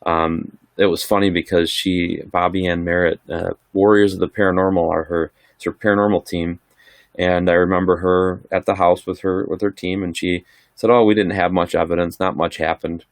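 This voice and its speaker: A man's voice: low voice, flat delivery, normal speed, no echo, clean studio sound. A middle-aged man casually chatting on a livestream, answering viewer questions in a rambling, laid-back way. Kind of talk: casual live chat.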